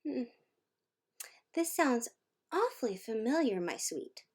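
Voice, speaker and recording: A woman voicing a gentle, fatherly male divine figure who speaks softly and tenderly. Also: very high-pitched, sing-song, slow pace, husky, heavily acted.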